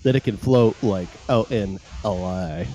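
Guy hosting a chatty podcast, lots of uh and yeah, warm dark voice, a bit of noise behind. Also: fairly low pitch, unhurried, poor audio. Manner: rambling, many fillers, laughs at himself. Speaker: podcast host. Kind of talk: casual podcast chat.

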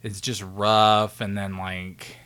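A podcast co-host with a bright, forward tone that talks in a loose, rambling way. This speaker reacts in an animated way and giggles often between thoughts. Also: deep voice, slow, clear, resonant tone. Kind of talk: casual podcast chat.

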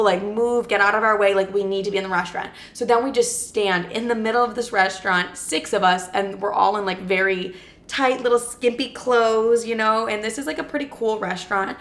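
A young woman telling a personal story in a casual, animated way. She swears freely and acts out what each person said. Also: medium pitch.

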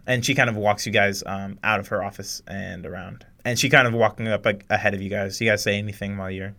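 A man's voice: lowish voice, steady tone, vocal fry, pushed and bright. A man narrating as game master, hesitant, with many ums and restarts. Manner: halting, full of fillers and restarts.

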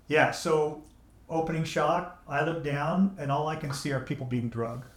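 A man guest on a podcast, telling his memories as a veteran at a measured pace with dry humor. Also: on the high side, fairly even intonation. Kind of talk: conversational storytelling. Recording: echoey, AI-restored audio.

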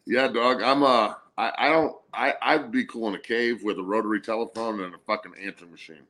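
A man's voice: lowish voice, fairly quick, bright, forceful tone. A man in his forties co-hosting a casual sports talk show, laid-back and profane, laughing through his stories. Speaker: co-host, former college athlete. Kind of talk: casual storytelling chat.

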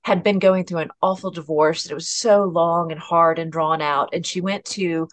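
A woman as a podcast guest, talking candidly in a casual conversation, laughing at herself now and then and restarting her sentences quickly. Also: on the low side, steady tone.

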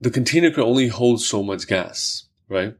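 Here a man hosts a podcast in a husky, mid-range voice that's quite expressive, talking at normal speed. He chats casually and reflectively, using many fillers and walking through examples.

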